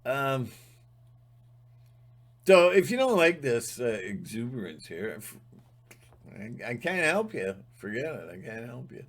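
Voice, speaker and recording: Man, mid-pitch, unhurried, rambling and emphatic, preaching to his viewers. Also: very animated, fairly bright tone. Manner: emphatic, rambling, mocking mimicry. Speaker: spiritual vlogger. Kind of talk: rambling monologue.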